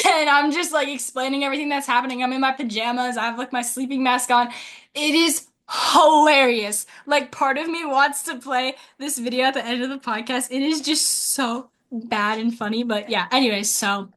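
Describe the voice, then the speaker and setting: A teenage girl telling stories as a podcast co-host, chatty, with constant filler words and quick laughs. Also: sits high, steady tone, a bit bright. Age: teens. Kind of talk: casual storytelling.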